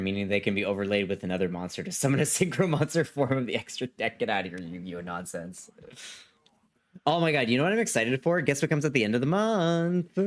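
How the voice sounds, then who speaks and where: A man streaming a video game live, chatting casually with viewers in a rambling way and often repeating himself. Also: medium pitch. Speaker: gaming livestreamer. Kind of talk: casual live-stream chat reading chat messages.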